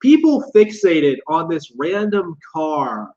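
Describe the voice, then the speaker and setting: Incredulous man reacting with lively pitch. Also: takes it slowly. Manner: incredulous, mocking asides. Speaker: reaction commentator. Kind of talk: casual reaction commentary. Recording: dull lo-fi audio.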